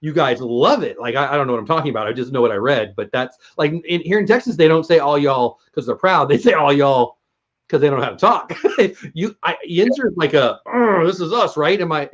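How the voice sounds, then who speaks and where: A man's voice: fairly high pitch, expressive, fairly quick. A man from San Diego hosting a livestream interview, talking in a rambling, self-deprecating, chatty way. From San Diego, USA. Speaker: livestream host. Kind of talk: casual interview chat. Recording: slightly dull lo-fi audio.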